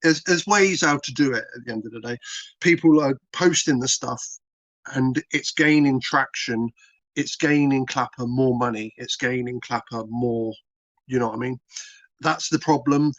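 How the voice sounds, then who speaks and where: This mid-range male voice belongs to a British content creator guesting on an interview, speaking at a moderate pace with a fairly bright tone. He comes across as casual, plain-spoken, rambling and repetitive. The recording is dull and dry, with no echo.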